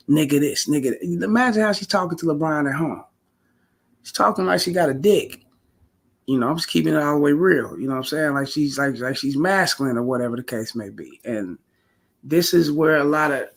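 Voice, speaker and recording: Gravelly husky man ranting on a vlog. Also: a little high. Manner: blunt, profane slang, repeats himself. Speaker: commentary vlogger. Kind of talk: casual commentary rant.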